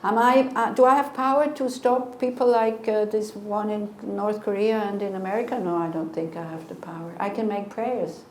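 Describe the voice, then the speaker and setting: A woman's voice: mid-range voice, fairly even intonation, moderate pace, hardly any pauses. Older woman teaching with roomy echo. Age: 60s. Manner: conversational, earnest, with rhetorical questions. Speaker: Buddhist teacher. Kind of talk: dharma teaching with Q&A. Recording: echoey room, faint noise.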